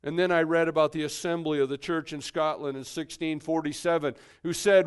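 A man preaching a sermon emphatically, swinging between hushed and forceful delivery. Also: a little high, fairly even intonation, a little fast, hardly any pauses, clean tone.

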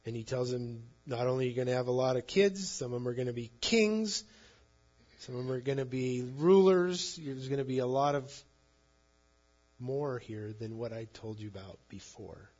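A man's voice: medium pitch, moderate pace, darkish tone, muffled recording. A man preaching a sermon, reading scripture and retelling it in plain conversational words. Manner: conversational, paraphrases scripture in everyday speech. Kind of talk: sermon, Bible teaching.

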